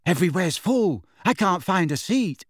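A shy, flustered teenage boy, as a male narrator puts him on, pitched higher than the reader's own voice. He talks in an anxious hurry. Close, dry recording. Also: big pitch swings, normal speed, slightly rough, no room sound, heavily acted.

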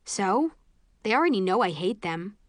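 A woman voicing a blunt, sharp-tongued young woman in an audiobook, speaking wryly. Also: mid-range voice, big pitch swings, moderate pace, dry recording, studio quality, lightly acted. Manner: blunt, wry.

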